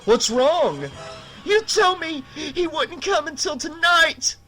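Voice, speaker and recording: A man reading an audiobook, voicing an enraged teenage girl with shrill, strained cries. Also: expressive, slow, pushed and bright, faint music behind, full character voice. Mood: frightened. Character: furious teenage girl, screaming at her brother.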